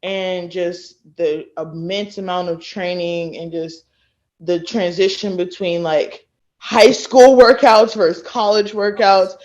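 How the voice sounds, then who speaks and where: A woman in her late twenties from Texas, a podcast guest who tells stories in a lively way and acts out what others said. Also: on the low side, takes it slowly. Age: late 20s. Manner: animated storyteller who acts out quoted people. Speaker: guest, former college thrower. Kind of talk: casual podcast interview. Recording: dull lo-fi sound.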